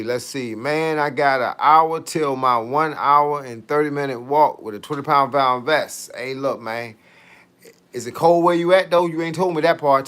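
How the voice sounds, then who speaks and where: A man's voice: medium pitch, a bit bright. A man, a fitness coach, chatting casually on a live stream, joking in heavy slang and reading out viewer comments.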